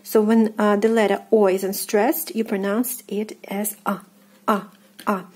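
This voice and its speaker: A woman's voice: medium pitch, flat delivery, normal speed, dark tone. A native Russian woman with a Russian accent, teaching pronunciation patiently, repeating each word several times with frequent hesitant fillers. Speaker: language teacher. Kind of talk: pronunciation lesson.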